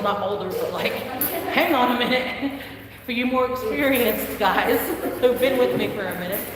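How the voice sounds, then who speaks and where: A woman teaches a live language class at an unhurried pace, saying each word slowly and repeating it for drilling. She sounds far from the mic in a roomy, echoing space with a steady hiss of background noise. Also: a little high. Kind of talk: live online language lesson. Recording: echoey distant room with noise.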